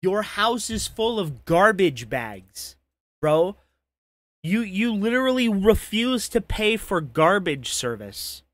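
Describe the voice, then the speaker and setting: A man's voice: high voice, sing-song, takes it slowly, fairly bright tone, dry recording. A man hosting a reaction commentary, ranting in a profane, mocking way. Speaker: commentary host.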